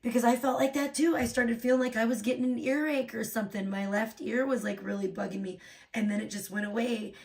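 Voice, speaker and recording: A slightly high-pitched woman hosts a casual livestream, still getting over a sore throat. She rants with constant swearing, going from low, tired talk to loud outbursts. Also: fairly even intonation, a little fast, creaky. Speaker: livestream host. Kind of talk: casual livestream chat reading donations.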